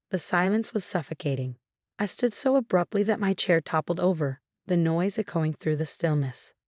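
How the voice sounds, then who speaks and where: Brief: woman storyteller, low voice, dry close recording. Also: normal speed, a little mellow, no echo. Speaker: narrator. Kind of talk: scripted first-person story narration.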